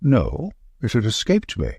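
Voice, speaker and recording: A man voicing a sharp, confident male detective who asks brisk, probing questions. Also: fairly low pitch, wildly swooping pitch, breathy edge, dry recording, clean studio sound, exaggerated voice. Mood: dry.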